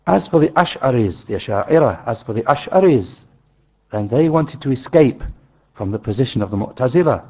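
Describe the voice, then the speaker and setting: A man teaching a religious study class, explaining slowly and repeating key phrases for his listeners. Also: medium pitch, lively intonation, darkish tone, husky.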